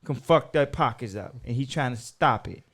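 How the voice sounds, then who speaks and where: A man hosting a podcast, talking in a loud, emphatic, profane way that swings between shouting and muttering. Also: medium pitch, lively intonation, moderate pace, gravelly. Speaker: podcast host. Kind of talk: casual chat.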